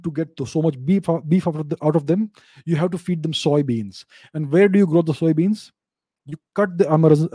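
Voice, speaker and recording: A man talks in a casual, opinionated commentary, often stumbling and repeating words. His voice sits slightly high yet sounds mellow and dark. The recording is close and dry. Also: no room sound. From India.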